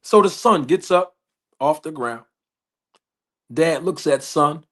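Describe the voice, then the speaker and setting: Slow, deliberate storytelling man. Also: on the high side, animated, a bit bright. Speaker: podcast host.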